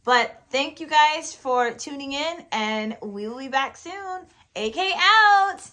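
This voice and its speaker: Speaking slowly in a high, slightly bright voice, this woman shares the hosting duties of a faith-based podcast with her husband. Her casual talk about relationships comes across as sincere and supportive.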